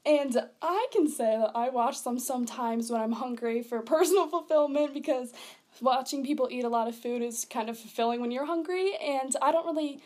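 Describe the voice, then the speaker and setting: A young woman with a fairly high voice presents casually, sliding between points with filler words. Her delivery sounds relaxed and conversational, like a student talk. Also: moderate pace. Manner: chatty, laughs often, fillers.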